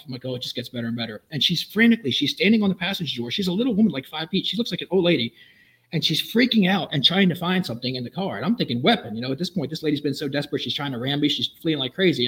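Fast-talking man telling a police chase story. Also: on the high side. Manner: fast, animated storytelling with voiced quotes. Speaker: police officer guest. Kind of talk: storytelling in a podcast interview.

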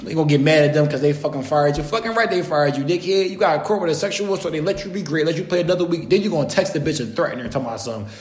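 A man ranting in casual chat, loud and profane, jumping between jokes and complaints. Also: on the high side, very fast, few pauses, roomy sound.

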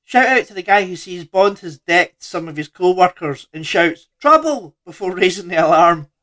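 A man with a slightly higher voice talks through a film in relaxed podcast chat. He rambles a little, trailing off and restarting with easy fillers. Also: normal speed. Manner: laid-back, loose, trailing sentences with fillers and swearing. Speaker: podcast co-host. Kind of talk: casual chat about a film.

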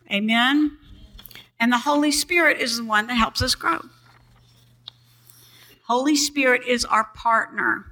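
Bright-voiced older woman preaching. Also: fairly high pitch, poor audio. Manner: calls for congregation response. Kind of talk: sermon. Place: church. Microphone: boom mic.

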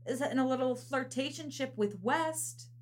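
A young woman co-hosts a laid-back book podcast, talking fast and loose as she retells scenes and slips into the characters' lines. Her voice sits a little high. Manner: chatty, animated retelling with quoted voices. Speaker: podcast co-host. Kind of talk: casual book discussion chat.

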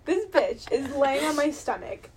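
A young woman co-hosting a casual chat, telling animated stories, laughing often and swearing freely. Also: high voice, measured pace, a little hiss or hum. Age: young adult. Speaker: podcast co-host.

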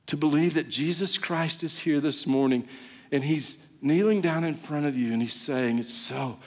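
A high-voiced man preaches a sermon, spinning a story with playful, animated energy. His voice rings out with the long reverb of a large hall, like a church sanctuary. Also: moderate pace. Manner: animated storytelling, acts out a baby's voice. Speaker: pastor.

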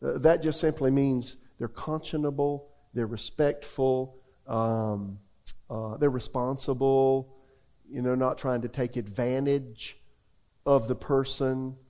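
A middle-aged pastor, talking to his congregation in a loose, folksy way. His voice sits at an everyday pitch with a warm, dark tone, and he tells lively stories full of quick asides. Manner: folksy, animated storytelling with rhetorical questions. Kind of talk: conversational sermon Q&A.

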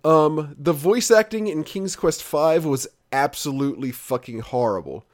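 A man's voice: fairly high pitch, expressive, a little slow. A man hosting a casual chat, rambling and swearing freely with many restarts. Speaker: podcast host.

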